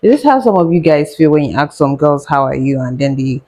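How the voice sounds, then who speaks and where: She talks a little fast in a low, warm voice, captured on a low-quality recording. A young doctor who vlogs, she tells a sarcastic, chatty story during a casual cooking session, laughing and muttering to herself.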